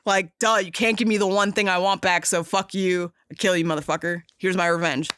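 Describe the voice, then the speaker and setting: A young woman hosting a podcast, casually and excitedly retelling a movie scene with lots of swearing and fillers. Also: fairly low pitch, brisk, slight background noise. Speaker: podcast host.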